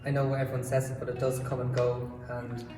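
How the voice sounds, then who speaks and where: Fast, flat-voiced man. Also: medium pitch. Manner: quick, monotone. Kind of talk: advice. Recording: distant mic in an echoey hall, music.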